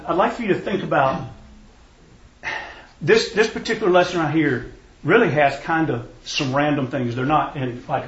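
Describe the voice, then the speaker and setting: A man preaching in a relaxed, folksy storytelling style. His voice sits a little high, and the sound is muffled, as if the mic is far away. The room around him is echoey. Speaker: preacher teaching a parenting class. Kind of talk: sermon.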